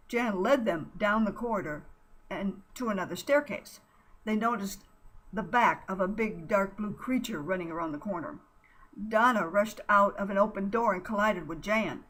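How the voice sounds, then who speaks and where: A woman narrating an adventure storybook at a middling pitch. Her reading is expressive but sometimes stumbles over words and corrects itself. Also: normal speed, low-quality recording.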